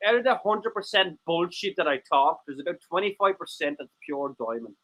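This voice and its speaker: Lively, joking man on a stream. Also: fairly high pitch, a little fast, poor audio. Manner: joking, rambling, sweary, laughs often. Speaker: co-host. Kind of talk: casual chat on a live stream show.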